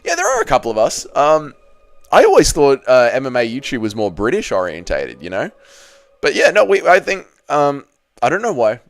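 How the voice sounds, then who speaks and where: A man's voice: mid-range voice, wildly swooping pitch, moderate pace, no echo. A man from Australia with an Australian accent, casually reading chat and bantering with viewers on a live stream. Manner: banters with viewers, swears freely.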